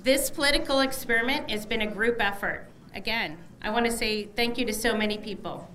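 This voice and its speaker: A woman's voice: a little high, a little fast, noisy background. A middle-aged woman, a newly elected candidate, gives an emotional, effusive election night victory speech at a headquarters party, thanking many people.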